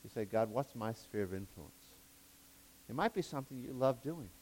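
A man preaching a sermon, excitable, swinging between loud fervent bursts and quiet asides, laughing at his own jokes and backpedaling on his wording. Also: medium pitch, moderate pace.

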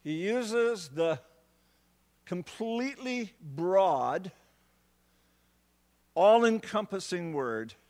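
A man preaching a sermon, repeating words as he restarts phrases and building to emphatic, drawn-out words on key points. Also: high voice, animated, darkish tone, long reverb tail.

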